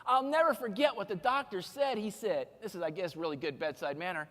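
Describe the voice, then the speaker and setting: A man with a notably high voice gives a motivational keynote from a stage. He is energetic and playful, cracking jokes and coaching the crowd through exercises. His voice carries a long reverb off a large conference hall. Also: fairly quick. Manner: energetic, joking, directs audience exercises. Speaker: keynote speaker.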